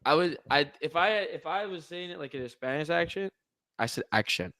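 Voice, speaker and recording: A man co-hosting a casual sports podcast, excitable and prone to loud outbursts. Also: fairly high pitch, brisk, no room sound, poor audio. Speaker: podcast co-host.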